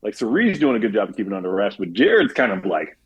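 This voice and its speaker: A man talking as a podcast guest in casual chat, animated, laughing often and filling his speech with "like". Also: fairly low pitch, quick pace, slightly rough, muffled recording.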